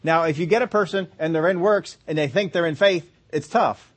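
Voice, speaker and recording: A man preaching a sermon, emphatic, slowing down to stress key phrases and acting out quoted complaints. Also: fairly high pitch. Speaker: pastor.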